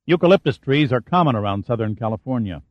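A tense, quietly urgent pilot, read by a man in an audiobook, speaks in a low, grave, insistent voice close to the reader's own. The sound is dull and muffled, dry and close-miked. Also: expressive, quick pace, no room sound, natural voice.

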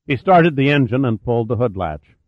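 Man reading a thriller, measured and dry. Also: mid-range voice, very animated, no echo, muffled recording. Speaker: audiobook narrator. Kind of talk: scripted thriller narration.

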